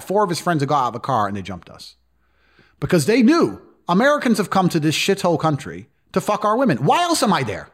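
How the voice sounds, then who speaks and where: A man telling stories as a podcast guest in a blunt, profane, casual way. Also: sits high. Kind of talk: casual storytelling.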